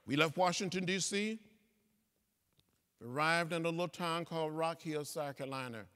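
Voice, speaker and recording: A man in his seventies gives a guest speech to students in a large lecture hall, his slightly high voice bright, forceful, and clean at a moderate pace. He uses a preacherly cadence with repeated phrases, and the hall sound is reverberant.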